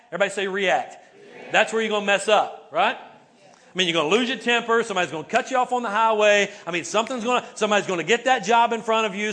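Man, pastor, high voice, conversational sermon, call-and-response with congregation, church sanctuary. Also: fairly bright tone. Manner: call-and-response preaching, asks the congregation to repeat words; conversational, many "right?" and "okay?" tags.

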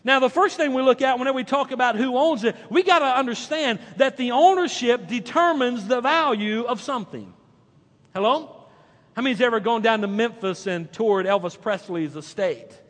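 Male pastor, high-pitched, emphatic delivery that rises and drops, reverberant hall. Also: moderate pace. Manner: emphatic preacher, swings between loud and hushed. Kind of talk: sermon.

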